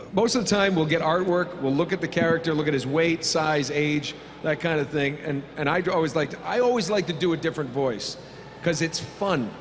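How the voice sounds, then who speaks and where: Joking man in an echoey convention hall. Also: a little high. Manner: rambling, jokey, many fillers. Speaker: voice actor panelist. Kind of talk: convention panel Q&A answers. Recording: reverberant convention hall, faint hum.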